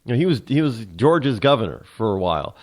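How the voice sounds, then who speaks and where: Male talk host, rambling political monologue, animated pitch, frequent restarts. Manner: rambling, halting with many restarts.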